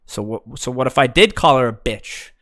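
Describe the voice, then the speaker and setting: A man's voice: mid-range voice, animated, moderate pace, bright, forceful tone. A man playing a blunt, defiant drunk guy.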